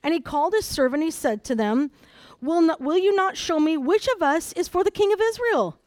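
High-voiced woman preaching a sermon. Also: fairly quick, no room sound. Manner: animated, dramatizes the Bible story with voices and asides. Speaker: conference speaker. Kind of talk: sermon with scripture reading.

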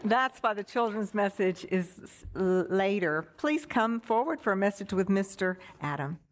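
A woman's voice: medium pitch, animated, normal speed, a little hiss or hum. A woman introducing the children's message in a church service. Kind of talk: church announcement.

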